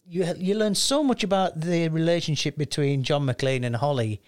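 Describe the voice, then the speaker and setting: A man hosts a loose podcast conversation, talking at length and laughing often. His voice sits a little high for a man. He speaks casually and keeps the talk moving. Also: moderate pace. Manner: chatty, rambling, laughs often. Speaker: podcast host. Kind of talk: casual chat.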